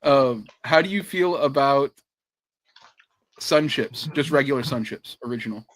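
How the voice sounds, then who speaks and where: A man's voice: medium pitch, animated, unhurried, a bit bright. A man co-hosting a podcast in casual chat, telling stories with laughs and swearing. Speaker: podcast co-host.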